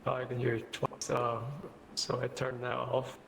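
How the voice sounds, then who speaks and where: A man chatting casually while setting up a shared stream, hesitant and unsure, with many pauses. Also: mid-range voice, completely flat delivery, gravelly, noisy background. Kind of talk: casual chat while gaming.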